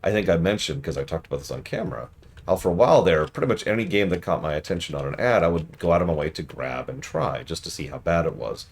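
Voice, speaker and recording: A man with a very low voice that still swings widely in pitch, talking casually as a game streamer. He rants in a wry, mocking way between moments of play. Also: animated, fast, vocal fry. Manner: wry, ranting, mocks the ads he criticizes. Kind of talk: casual commentary while playing.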